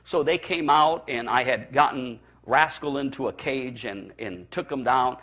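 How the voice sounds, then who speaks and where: A man's voice: mid-range voice, unhurried, fairly bright tone. A man from the Chicago area, a pastor preaching a personal testimony, telling it with emotion and stammered repeats. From Chicago area, USA.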